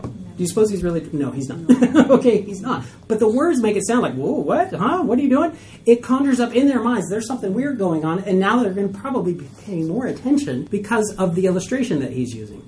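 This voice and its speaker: A woman teaching a Bible study class to a group, animated and acting out skeptical listeners' reactions. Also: medium pitch, fairly quick, slight background noise. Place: room with a group.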